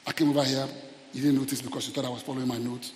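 A man preaching a fervent sermon in a church auditorium, calling out to the congregation and rising to shouted peaks. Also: medium pitch, flat delivery, rapid-fire, in a large hall, a little hiss or hum. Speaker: pastor.

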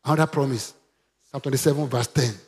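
A man's voice: medium pitch, steady tone, fast talker, a little mellow. A man preaching a sermon, emphatic and calling on the congregation to repeat after him. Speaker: pastor.

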